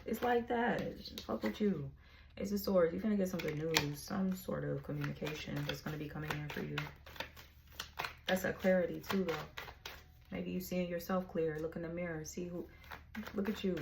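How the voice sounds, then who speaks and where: Casual tarot reader, woman, frank and slangy, lowish voice, noisy recording. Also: normal speed, creaky. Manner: frank, slangy, laughs often.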